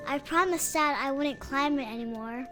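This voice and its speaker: Lady voicing a high little girl reading her diary, soft and kinda dreamy, game music playing behind. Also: normal speed, close to an everyday voice. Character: young girl, hungry and curious.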